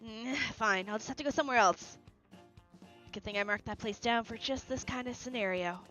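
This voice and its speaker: A woman reads game dialogue aloud as a cheerful young heroine exploring a city, with faint music behind her on a lo-fi recording. Her voice is fairly high, fairly bright, fairly quick, and close to how she'd normally talk.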